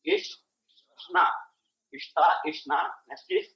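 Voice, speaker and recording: A man's voice: on the high side, wildly swooping pitch. An older man with an Indian English accent teaching Sanskrit syllables in class, repeating each sound and checking that students follow. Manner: slow, repeats each syllable, asks "see?". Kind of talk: classroom lesson. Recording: dull lo-fi 1980s tape.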